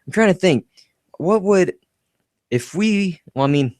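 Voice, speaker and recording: A man co-hosting a podcast, chatting casually about a film, animated and laughing often as he acts out quotes. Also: high-pitched, measured pace, no room sound, studio quality. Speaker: podcast co-host.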